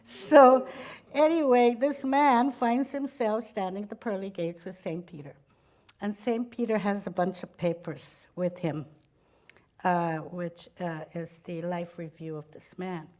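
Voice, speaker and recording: A woman's voice: medium pitch, fairly even intonation, a little slow, a little mellow. A woman giving a talk at a spiritual community, telling stories and laughing at her own jokes. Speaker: speaker at a spiritual center.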